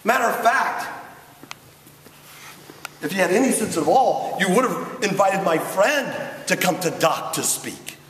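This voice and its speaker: Animated male storyteller in an echoing chapel. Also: high-pitched, unhurried, long pauses, slight background noise. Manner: animated storyteller, swings from hushed asides to shouts. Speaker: chapel speaker. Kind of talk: storytelling talk to students. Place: school chapel. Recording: roomy hall from far off.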